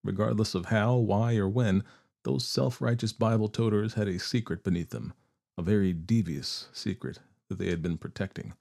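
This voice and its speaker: A man narrating a story in a steady, expressive reading voice. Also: lowish voice, moderate pace, creaky.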